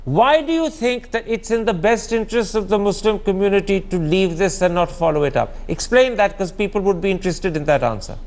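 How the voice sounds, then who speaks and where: A man's voice: high-pitched, animated, a little fast, few pauses, a little mellow. A man hosting a studio political debate, probing and emphatic, cutting in to steer the discussion. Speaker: television debate host.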